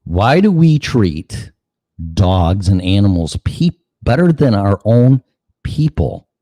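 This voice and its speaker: A man's voice: on the low side, sing-song, slow pace, warm tone, no echo. A man hosting a show, delivering a sarcastic, profane ranting monologue full of mocking asides. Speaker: show host.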